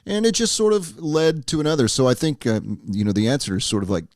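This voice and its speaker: A man hosting a podcast interview in relaxed, casual conversation, offering affirmations and his own stories. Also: on the high side, fast, no echo, studio quality. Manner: easygoing, affirming listener. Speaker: podcast host.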